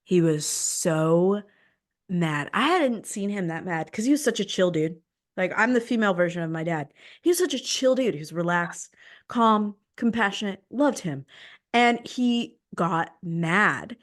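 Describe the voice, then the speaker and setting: A young woman hosting a podcast, telling a personal story in an animated, dramatic way. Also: medium pitch, unhurried. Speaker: podcast host. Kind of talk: casual storytelling chat.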